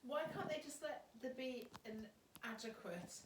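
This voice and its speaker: A woman's voice: a little high, expressive, normal speed. A woman co-hosting a casual chat, making blunt joking asides. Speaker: co-host. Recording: roomy with clear background noise.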